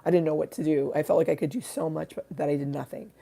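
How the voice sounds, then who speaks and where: A hoarse woman with a raspy voice, an artist chatting casually on a livestream and rambling with many fillers and restarts. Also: deep voice, fairly even intonation, fast, warm tone. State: hoarse from screaming.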